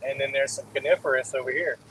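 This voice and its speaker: A man's voice: mid-range voice, fairly even intonation, fast talker, fairly bright tone, a little hiss or hum, rough recording. Chatty New England man on a call. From New Hampshire. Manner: chatty, joking, says "man" and "dude". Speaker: guest on call. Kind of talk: casual phone chat. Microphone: phone call while driving.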